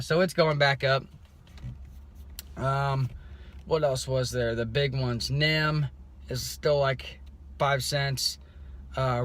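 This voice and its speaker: A man giving a casual, rambling video update, loose and unscripted, with many pauses and restarts. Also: medium pitch, fairly bright tone. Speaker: crypto vlogger.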